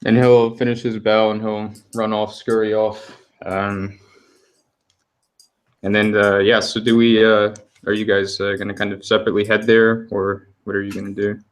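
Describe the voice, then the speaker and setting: Low flat-voiced guy running a tabletop game, lots of uhs. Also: moderate pace. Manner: relaxed, many fillers, describes scenes at length. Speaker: game master.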